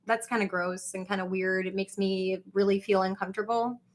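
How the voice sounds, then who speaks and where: A woman, rambling on a livestream, swinging between gushing greetings to viewers and low confiding asides. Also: steady tone, a little fast. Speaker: livestream vlogger.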